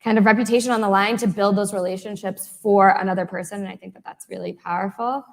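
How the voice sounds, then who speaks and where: Panelist, woman, mid-pitched, earnest, lots of ums. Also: fairly even intonation, quick pace, gravelly. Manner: earnest, many fillers. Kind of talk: live panel discussion. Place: event hall with audience.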